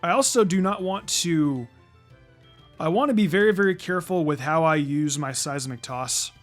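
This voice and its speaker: A man's voice: a little high, animated, moderate pace, faint music behind. A man doing let's play commentary as a channel host, stammering and repeating words, and swearing when annoyed.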